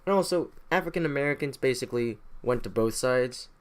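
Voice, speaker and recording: A man's voice: mid-range voice, expressive, brisk. A man giving a casual, irreverent, profane summary of history, joking as he goes. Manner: irreverent, joking, swears freely. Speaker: history recap host.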